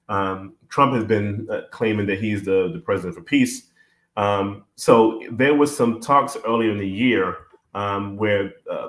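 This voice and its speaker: A man's voice: on the low side, roomy sound. A man talking things over in a casual discussion, thoughtful and full of fillers. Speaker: podcast guest.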